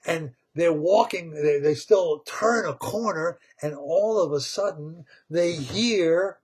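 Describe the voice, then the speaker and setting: A man retelling a cartoon story in a rambling, animated way, laughing as he goes. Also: on the high side, takes it slowly, husky. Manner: rambling, animated, laughs at his own tale.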